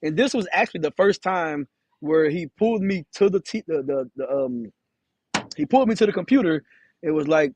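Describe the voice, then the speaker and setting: A man's voice: on the high side, brisk, a little mellow, no echo. A man, a truck driver telling a story in a casual vlog, talking candidly with some swearing and acting out the voices of the people in it. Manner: candid, profane, acts out quoted dialogue.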